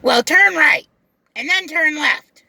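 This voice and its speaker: A rideshare driver imitating an impatient, demanding woman passenger who keeps yelling. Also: sits high, animated, a little slow, dry recording, distant mic, pitched above the performer's own voice, full character voice.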